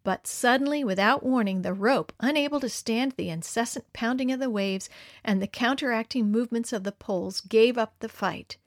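A woman reading a moral children's story aloud in a measured, expressive way. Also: on the high side, dry recording, clean studio sound.

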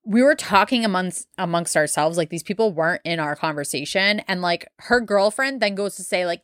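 A woman's voice: fairly low pitch, fairly quick, few pauses, no echo, clean studio sound. A young woman hosting a podcast, telling a story in casual chat, full of fillers and blunt swearing. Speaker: podcast host.

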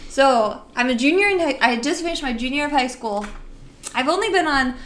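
Animated young woman telling a story. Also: high-pitched, a little fast, a little hiss or hum. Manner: animated storyteller, acts out her own panicked quotes. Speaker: podcast co-host. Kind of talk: casual storytelling chat.

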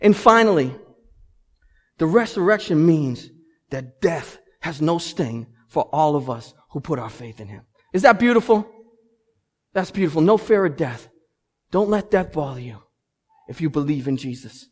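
A man in his thirties preaching a sermon as pastor, animated and building to loud emphatic peaks. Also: fairly high pitch, normal speed. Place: church sanctuary. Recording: long hall reverb.

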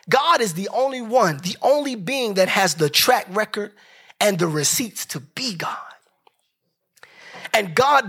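A man preaching a sermon as pastor, speaking in a colloquial, emphatic way that at times rises to a shout. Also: sits high, breathy edge.

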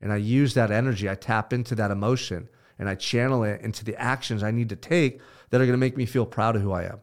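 A man hosting a podcast, giving an intense, emphatic motivational pep talk with blunt swearing. He swings between loud pushes and low, hushed stretches. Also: fairly even intonation, fast talker. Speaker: podcast host.

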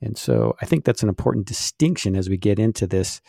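A man's voice: fairly low pitch, very animated, fairly quick, vocal fry, warm tone, no echo, studio quality. A middle-aged man co-hosting a casual faith podcast, explaining at length with many fillers. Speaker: podcast co-host.

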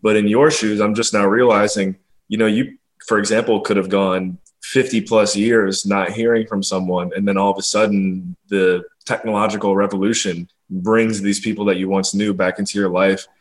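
A young man hosting a casual interview podcast, easygoing and quick to laugh. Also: fairly low pitch, flat delivery. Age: young adult. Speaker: podcast host, grandson.

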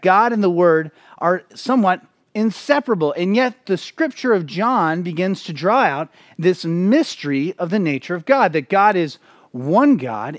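A male pastor delivering a sermon in a fairly high voice, pressing his points with emphasis and often restarting phrases. The sound is dry and close, with no room echo.

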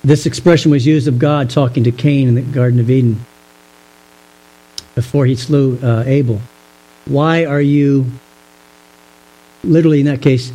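High-voiced man preaching a Bible study. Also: a little mellow, poor audio. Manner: measured, explanatory, with rhetorical questions. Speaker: pastor. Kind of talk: Bible teaching sermon.

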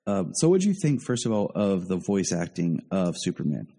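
A deep-voiced man hosting a casual podcast, talking through his opinions with easy repeats. His tone is dark and mellow. The voice carries a long reverb tail, as if recorded in a big room. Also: sing-song, a little fast, vocal fry. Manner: opinionated, thinks aloud with repeats. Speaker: podcast host.

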